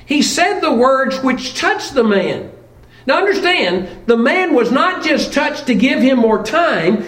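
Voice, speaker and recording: A man's voice: extremely high pitch, very animated, unhurried, a bit bright, echoey room, far from the mic, low-quality recording. A middle-aged man preaching a sermon in a plainspoken, conversational way, asking rhetorical questions and restarting his sentences.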